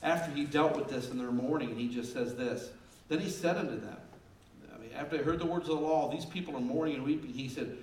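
Male pastor in his fifties, sermon delivery, emphatic then hushed, echoey room, a bit off-mic. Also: on the high side, fast talker, a little hiss or hum. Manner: emphatic, swinging between loud emphasis and quiet asides. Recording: roomy and distant with faint ambience.

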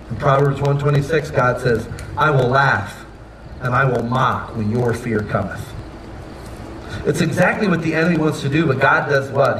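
A man preaching a sermon, moving between soft, quiet asides and loud, emphatic peaks. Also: fairly high pitch, recorded from a distance, slight background noise. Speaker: pastor. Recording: echoey room, voice off-mic with faint ambience.

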